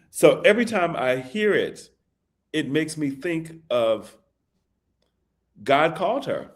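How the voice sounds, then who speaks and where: A man, a songwriter, telling a story in an interview with animated delivery. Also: on the high side, slow, pauses often. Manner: animated, recites lyrics softly. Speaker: songwriter guest.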